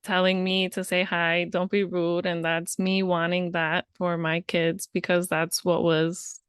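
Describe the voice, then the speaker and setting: Woman, podcast co-host, smooth clear voice, slightly low, dry sound, reflective, laughs easily. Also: monotone, measured pace, a bit bright, no room sound. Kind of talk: casual parenting advice chat.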